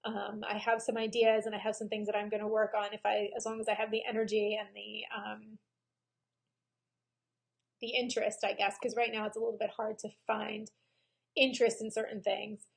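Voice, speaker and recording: A woman photographer speaking candidly and emotionally in a personal video diary, pausing often with "um". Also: mid-range voice, level tone, gravelly. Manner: frank and emotional, with frequent pauses and "um"s. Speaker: photographer and vlogger.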